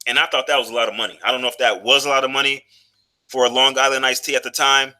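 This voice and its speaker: A man's voice: medium pitch, level tone, fast talker, sharp tone. A man in his thirties telling a personal story in a loose, profane, casual monologue, full of fillers and restarts. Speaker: vlogger.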